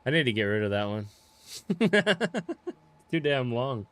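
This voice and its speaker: A young man casually chatting with viewers while playing a farming game, relaxed and swearing offhandedly. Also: lowish voice, quick pace, clear, resonant tone, dry recording. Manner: laid-back, swears casually, greets viewers by name. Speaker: game streamer. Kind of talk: casual live-stream chat while playing.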